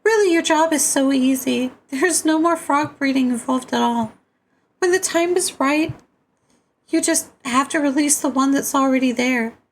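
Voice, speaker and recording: A woman's voice: high voice, moderate pace, pitched above the performer's own voice. A man voicing a chirpy young female guide in a sing-song manner, reading a webcomic aloud with voices. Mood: cheerful instructing.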